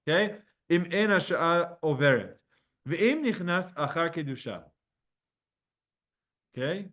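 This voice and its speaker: High-voiced man teaching a Talmud class. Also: fairly bright tone. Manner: explains texts, reading Hebrew and Aramaic aloud and translating with quick asides; speaks directly to students by name.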